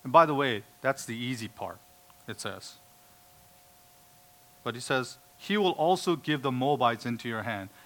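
A man's voice: medium pitch, lively intonation, a little slow, long pauses, a bit bright. A man preaching a sermon, emphatic, quoting scripture and acting out the voices of doubters. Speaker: pastor.

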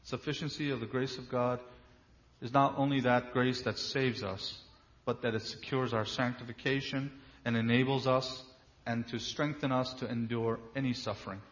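A man's voice: medium pitch, steady tone, a bit bright. Emphatic preacher man, slightly dull audio. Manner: emphatic, with slow drawn-out stresses and rhetorical questions. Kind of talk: sermon.

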